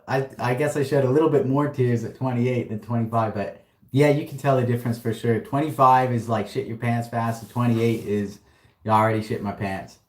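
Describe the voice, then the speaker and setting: A man with a medium-pitched voice hosts a laid-back livestream Q&A in a reverberant warehouse. He reads viewer questions and responds in an upbeat, slangy manner, laughing frequently.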